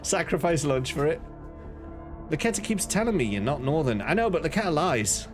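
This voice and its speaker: A man from the north of England talks loosely to his stream chat, his pitch bouncing around a lot. He laughs easily and reacts to messages as they come in. Soft music plays quietly underneath. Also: sing-song, brisk. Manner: chatty, laughs often, reads chat aloud. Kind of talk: casual live-stream chat.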